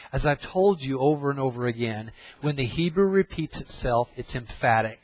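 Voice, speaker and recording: A middle-aged man delivers a sermon in an emphatic way, hammering points home by repeating them. His voice sits a little high for a man. The sound is dry and close, with no room echo. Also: slightly rough. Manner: emphatic, repeats phrases for stress. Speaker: preacher.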